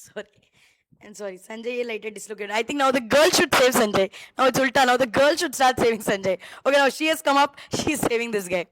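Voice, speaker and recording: A woman's voice: on the high side, racing, no echo, poor audio. A woman teacher with a Tamil-influenced Indian English accent, giving a law lecture, repeating key phrases and quizzing students by name.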